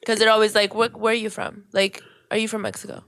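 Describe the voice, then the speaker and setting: A woman's voice: mid-range voice, little pitch movement, fast, a bit bright, dry recording, clean studio sound. Chatty, laughing woman co-host. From USA. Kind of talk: casual podcast chat.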